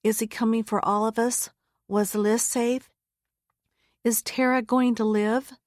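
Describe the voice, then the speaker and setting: A woman narrating a first-person memoir audiobook in a measured, earnest, solemn way. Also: a little high, little pitch movement, a little mellow, dry recording. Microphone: close studio mic. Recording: dry close studio sound.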